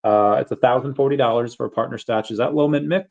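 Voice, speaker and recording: A man hosting a casual crypto livestream, rambling in a relaxed way with many fillers and bouts of hiccups. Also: medium pitch, fast, vocal fry, muffled recording. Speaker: crypto channel host.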